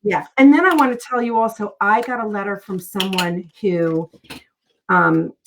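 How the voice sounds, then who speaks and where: An earnest middle-aged woman speaks as a guest in a relaxed interview, telling personal stories in a heartfelt, conversational way. Her voice sits at an ordinary pitch for a woman. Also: normal speed, background noise.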